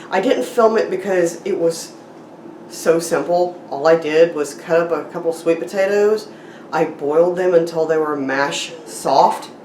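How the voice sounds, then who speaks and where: Woman vlogger, low and mellow, chatty, walking through items while fighting hiccups. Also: a little hiss or hum, low-quality recording. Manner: chatty, explains food items one by one. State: has hiccups. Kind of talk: casual vlog narration.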